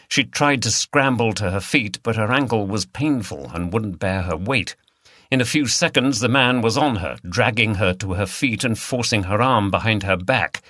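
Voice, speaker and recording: A man narrating an audiobook in a steady, measured reading style. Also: on the low side, no room sound, studio quality. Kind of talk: scripted narration.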